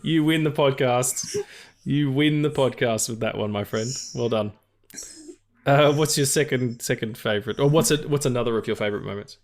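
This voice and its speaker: A man's voice: medium pitch, moderate pace. A man co-hosting a casual film podcast, joking, swearing freely and laughing often. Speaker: podcast co-host.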